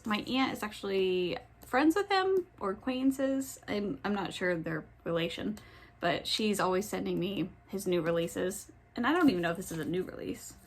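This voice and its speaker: A woman's voice: medium pitch, a bit bright. A young woman chatting casually at home in a book vlog, rambling with many ums and self-corrections, with the hiccups. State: has the hiccups. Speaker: book vlogger. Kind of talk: casual chat. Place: home, in her pajamas.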